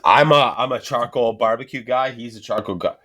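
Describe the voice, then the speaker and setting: A man's voice: medium pitch, brisk, a bit bright. A man in crude, joking casual banter as podcast host, swearing heavily.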